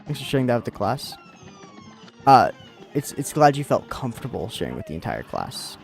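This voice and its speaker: A man's voice: mid-range voice, sing-song, moderate pace, creaky, faint music behind. A young American man streaming a game, chatting casually and rambling with lots of fillers and restarts. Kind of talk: casual chat while gaming.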